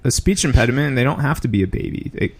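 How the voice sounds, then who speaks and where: A man co-hosting a podcast in casual chat, measured and deadpan. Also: mid-range voice. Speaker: podcast co-host.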